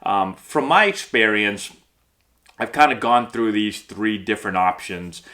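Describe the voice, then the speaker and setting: Lively, bright-voiced baseball instructor. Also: male voice, on the low side, measured pace. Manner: upbeat, conversational, constant "okay?" and "right?" check-ins. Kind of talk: instructional coaching vlog.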